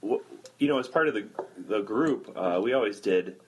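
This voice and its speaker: A man's voice: fairly low pitch, lively intonation, normal speed, slight background noise. A man hosting a podcast in casual chat, rambling with lots of fillers. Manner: laid-back, rambling with many fillers and laughs. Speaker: podcast host.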